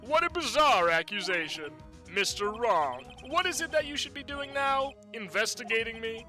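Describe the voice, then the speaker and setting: Fan game dub: man doing a haughty, condescending rich company boss, bright tone, swooping delivery. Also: very high-pitched, lively intonation, faint music behind, exaggerated voice, poor audio. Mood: dismissive. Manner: condescending, theatrical, drawn-out threats. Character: pompous, menacing rich male company president.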